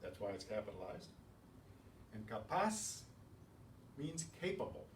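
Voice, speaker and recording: Slow, patient man teaching pronunciation. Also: on the low side, sing-song. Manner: says each word loudly, then explains softly. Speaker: Spanish teacher. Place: class room. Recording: roomy, from far off, faint hiss.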